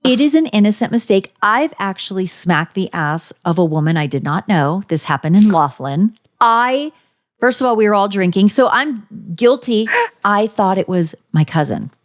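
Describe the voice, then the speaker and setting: A woman co-hosting a podcast, chatting casually and bluntly, swearing freely and acting out quotes with big jumps in her voice. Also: moderate pace. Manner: animated, acts out quotes with big pitch jumps. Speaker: podcast co-host. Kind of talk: casual recap chat.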